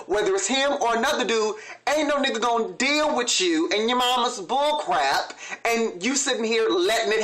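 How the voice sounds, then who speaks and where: A man's voice: high-pitched, bright, forceful tone. A man hosting his own vlog, giving frank, opinionated, sassy commentary in a casual way. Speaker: vlog host recapping a TV show.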